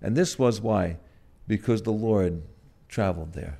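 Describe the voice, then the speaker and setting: Soft-spoken preacher with a low voice. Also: male voice, vocal fry, breathy edge. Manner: gentle, halting, with frequent "uh" and restarts; swells loud on key words, then drops soft. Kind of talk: sermon.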